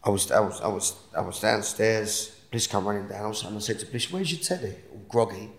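A man telling a personal story in an interview, earnest and halting, with many restarts. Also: lowish voice, fairly even intonation. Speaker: guest. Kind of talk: emotional personal testimony. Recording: roomy echo.

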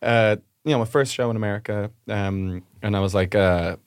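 A man co-hosting a comedy podcast, telling a story wryly, with deadpan, self-mocking asides. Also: on the low side, normal speed, clear, resonant tone, no echo, clean studio sound. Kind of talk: casual chat.

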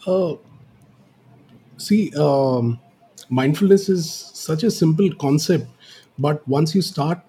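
Husky, very dark-voiced man. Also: on the high side, slow, pauses often. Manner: hesitant, many "uh"s and "um"s. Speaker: podcast co-host. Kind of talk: casual podcast chat.

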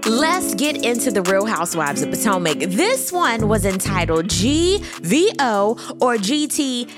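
A woman's voice: a little high, sing-song, a little slow, loud music behind the voice. A woman in her thirties hosting a casual recap vlog, sassy and full of 'honey' and 'baby'. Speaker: host.

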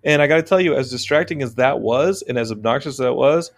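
A man hosting a podcast, telling stories in casual chat, animated and often laughing. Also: medium pitch, fast talker, creaky, no echo. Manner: animated, laughing, swearing storyteller. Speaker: podcast host.

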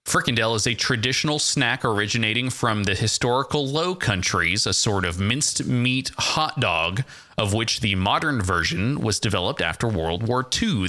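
A man's voice: fairly low pitch, pushed and bright. A man hosting a casual podcast quiz, reading out facts in a dry, matter-of-fact way. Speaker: podcast host.

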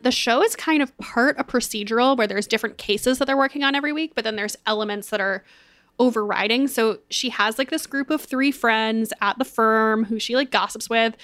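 A woman's voice: fairly high pitch, a little fast, fairly bright tone, no room sound. A young woman co-hosting a podcast, chatting in an upbeat way with lots of casual fillers. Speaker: podcast co-host. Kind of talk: casual chat with ad read.

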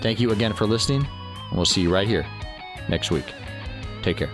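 A male podcast host with a lowish voice reads a scripted outro steadily. Plucked guitar music plays clearly beneath him. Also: a little fast.

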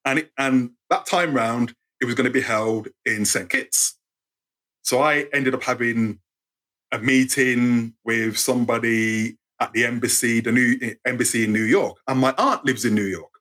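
A man in his fifties with an English accent, a guest telling animated stories in a casual interview. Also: mid-range voice, moderate pace. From England. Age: 50s. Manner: animated, acts out voices in anecdotes. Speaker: guest storyteller.

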